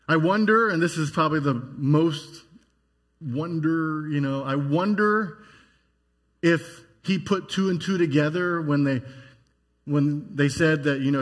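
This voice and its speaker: A man's voice: on the high side, breathy edge. A man preaching a sermon as pastor, musing aloud in a conversational way with frequent restarts.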